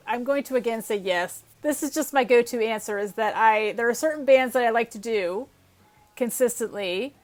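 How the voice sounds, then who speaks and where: A woman hosting a casual Q&A, reading out viewer questions and answering in a chatty, self-deprecating way. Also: on the high side. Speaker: YouTube channel host answering viewer questions. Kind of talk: casual Q&A chat.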